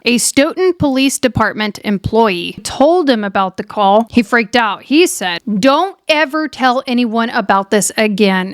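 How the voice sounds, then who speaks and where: A woman walks her viewers through a true crime case in an emphatic, chatty way, addressing them directly as she goes. Her voice sits fairly high, smooth and clear. The sound is dry and close. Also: no room sound. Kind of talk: true crime storytelling to camera.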